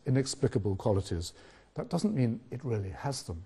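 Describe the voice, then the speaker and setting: An older man giving a university philosophy lecture, measured and reflective, posing rhetorical questions. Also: mid-range voice, big pitch swings, dark tone, husky. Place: lecture hall.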